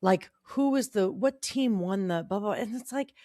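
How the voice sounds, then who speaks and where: A woman's voice: mid-range voice, normal speed, dark tone, no room sound, studio quality. A middle-aged woman co-hosting a casual podcast, wry and swearing, acting out quotes. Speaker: podcast co-host. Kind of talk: casual chat.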